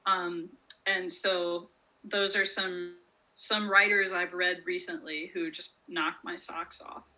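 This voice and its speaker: A woman author talking loosely in an interview, her voice bright and forward. She rambles a little, peppering her thoughts with "like" and "um", and laughs easily as she goes. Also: on the low side, level tone, slow, rough recording. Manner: chatty, lots of "like" and "um", laughs often. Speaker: author guest. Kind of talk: casual interview chat.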